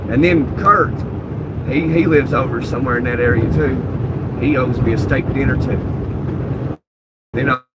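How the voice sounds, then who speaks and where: A man with a Southern Appalachian accent, chatting folksy and drawling with viewers on a trucking livestream. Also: mid-range voice. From Tennessee and Kentucky hills. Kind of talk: casual live-stream chat. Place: in a truck on the road. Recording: loud road noise. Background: loud road and engine noise.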